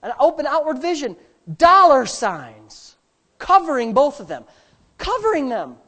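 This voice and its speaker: A man preaching a sermon as a pastor, animated and sarcastic, swinging between loud, high bursts and quiet asides. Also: unhurried.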